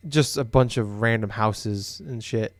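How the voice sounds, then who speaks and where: This young man's voice is on the low side and unhurried, captured in a dry recording. He's a co-host on a casual podcast, from Des Moines, Iowa, and his chatty talk wanders with frequent fillers and restarts.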